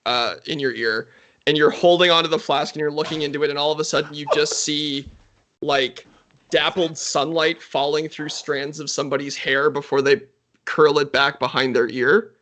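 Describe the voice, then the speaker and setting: A dungeon master narrates a tabletop scene, pausing on fillers as he describes it. His voice is bright and slightly higher than most men's. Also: fairly even intonation, slight background noise. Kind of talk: game narration and table chat.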